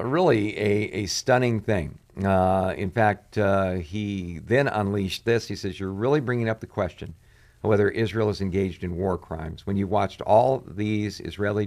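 Male pastor host, lowish voice, commentary, halting with many "uh" fillers, reads quotes with growing force. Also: a little mellow. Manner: frequent "uh" fillers, reads quotes aloud with rising intensity. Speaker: pastor and radio show host. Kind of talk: commentary on current events.

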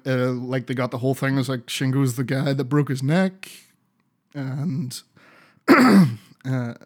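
A man co-hosting a podcast, chatting casually about wrestling, rambling, swearing often and laughing a lot. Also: medium pitch. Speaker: podcast co-host.

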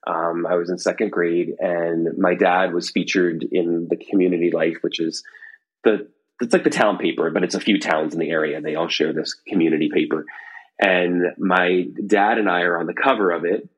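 A middle-aged man with a deep, husky voice talks as a podcast guest from a room in his home. He rambles, restarting sentences and filling pauses with ums. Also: steady tone, dull audio. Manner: rambling, with many fillers and restarts. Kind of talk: casual conversation.

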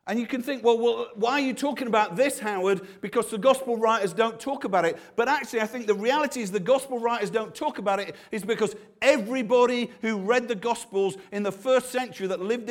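A man preaching a sermon, earnest and full of restarts and repeated words. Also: high voice.

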